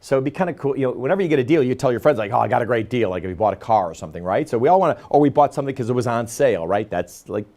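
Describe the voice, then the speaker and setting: Guy doing sales training to camera, quick animated storytelling, mid pitch. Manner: fast, animated storytelling with quoted dialogue. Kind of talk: casual talk to camera.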